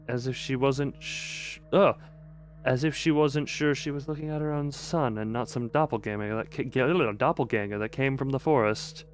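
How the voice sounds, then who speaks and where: A young man streaming a horror visual novel, reading the text aloud and cutting in with dry jokes. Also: medium pitch. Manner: dry, joking commentary between narration.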